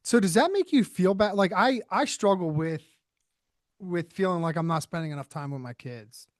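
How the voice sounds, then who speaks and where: A man's voice: high voice, expressive, moderate pace, dry recording, clean studio sound. A man from New Jersey hosting a podcast, talking loosely and jokingly, with lots of "like" and restarts. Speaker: podcast host. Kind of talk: casual podcast interview.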